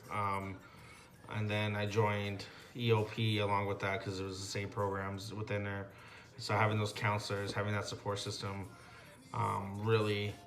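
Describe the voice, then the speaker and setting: Low, flat-voiced young man giving testimony. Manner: halting, reflective, with frequent ums and likes. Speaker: graduate student. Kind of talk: personal testimony interview.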